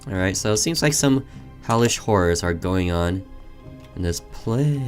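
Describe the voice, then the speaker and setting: A man's voice: sits low, animated, a little slow, soft background music. Casual wisecracking man on gameplay. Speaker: gameplay commentator. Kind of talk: let's play commentary.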